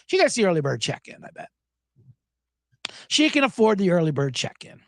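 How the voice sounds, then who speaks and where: A sports betting podcast host chats casually on his own, rambling with sarcastic asides and frequent swearing. His voice sits high with big pitch swings, a little fast, against slight background noise.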